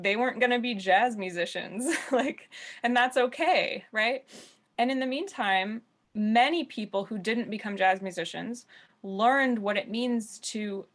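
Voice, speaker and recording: A woman from the United States, a jazz musician, speaking candidly on an online panel discussion over a video call. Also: medium pitch. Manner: earnest, candid storytelling.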